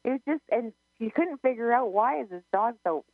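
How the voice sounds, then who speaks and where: A woman's voice: on the high side, animated, fairly quick, dry recording. Chatty woman medium on a phone line. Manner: chatty storyteller, many restarts, quotes herself. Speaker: psychic medium, co-host. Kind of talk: casual radio chat. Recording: narrow phone-line sound, dry.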